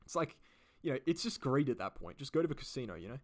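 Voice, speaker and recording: Fast-talking Australian man. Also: mid-range voice, big pitch swings. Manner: rambling, filler-heavy, repeats himself. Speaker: crypto channel host. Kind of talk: live stream, answering viewer questions.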